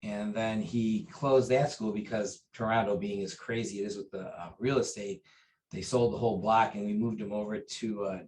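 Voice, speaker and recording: A man recounting memories of his teacher in an interview, earnest and halting, with many fillers and restarts. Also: fairly low pitch, fairly even intonation, darkish tone, slight background noise, rough recording. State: briefly choked up. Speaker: interview guest, taekwondo master. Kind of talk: conversational storytelling.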